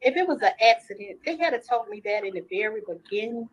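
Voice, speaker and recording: A woman's voice: a little high, expressive, quick pace, breathy edge, lo-fi sound. A middle-aged woman, a grieving mother, earnestly recounting details at length in a recorded interview.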